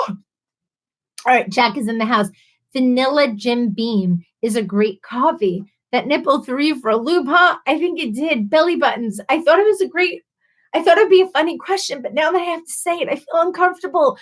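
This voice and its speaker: A woman's voice: on the high side, normal speed, a bit bright. A woman hosting a casual live stream, laughing a lot and a little tipsy from wine as she reads out viewer comments. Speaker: livestream host.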